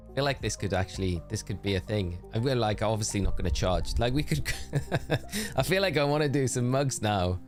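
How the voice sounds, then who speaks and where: A man's voice: fairly low pitch, animated, brisk, soft background music. A man with a tired voice, chatting casually and cheerfully with viewers while live-streaming a game. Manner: chatty and upbeat, thanking viewers by name.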